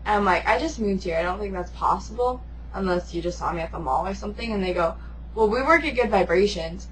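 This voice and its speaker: A woman's voice: medium pitch, lively intonation, fast talker, a little hiss or hum, poor audio. A teenage girl telling a story in giggly casual chat, jumping in to finish her friend's sentences.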